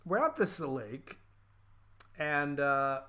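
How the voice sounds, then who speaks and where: Guy ranting on his podcast about a bad movie, kinda high voice, swears a lot, um and uh everywhere. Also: extremely slow. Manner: profane, animated storytelling with frequent fillers. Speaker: podcast host. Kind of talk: casual ranting film review.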